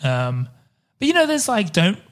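Joking male co-host, slightly high voice, loose and rambling. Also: huge pitch swings, a little slow. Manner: jokey, rambling asides. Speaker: podcast co-host. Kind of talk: casual chat.

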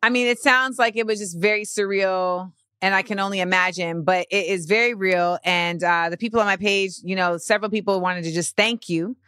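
A woman hosting a casual interview podcast, chatty and slangy with quick expressive interjections. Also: medium pitch, clean tone, no room sound, clean studio sound. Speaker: podcast host.

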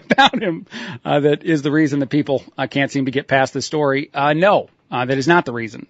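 A man's voice: fairly high pitch, no room sound, highs cut off. Talk radio guy riffing on dumb news, chuckling a lot, lots of uhs, dry studio mic. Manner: sardonic, laughs at his own remarks, many uh fillers. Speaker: radio talk show host. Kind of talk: solo talk radio commentary.

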